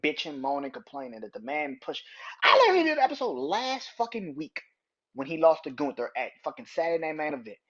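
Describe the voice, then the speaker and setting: A man's voice: sits high, husky. A man hosting a wrestling podcast, ranting in a heated, profane, emphatic way. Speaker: podcast host. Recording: dull lo-fi audio.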